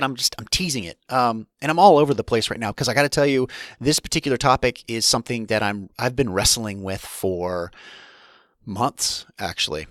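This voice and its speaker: Speaking alone on his podcast, this host talks in a rambling, candid way, often restarting and drifting into asides. His voice is medium in pitch and fairly bright, captured cleanly in a studio with no echo.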